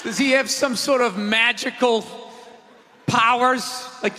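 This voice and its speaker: A man doing a live stand-up set, ranting loudly with lots of profanity in a large theater. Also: very high-pitched, fairly even intonation, slow pace. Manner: loud ranting delivery with profanity. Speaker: stand-up comedian. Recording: live theater recording with long reverb and faint crowd.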